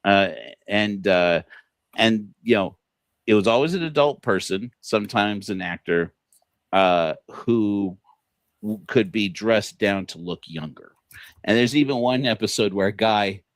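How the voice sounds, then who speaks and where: A man's voice: low voice, dry recording. A man hosting a casual livestream talk, rambling with many fillers and restarts, chuckling often as he tells stories. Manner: quotes people in put-on voices. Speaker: podcast host.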